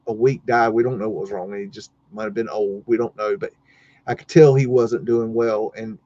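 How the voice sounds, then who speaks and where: A man's voice: fairly low pitch, warm tone, dry recording, muffled recording. A man hosting a livestream, telling a story casually and rambling with many fillers and restarts. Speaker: livestream host.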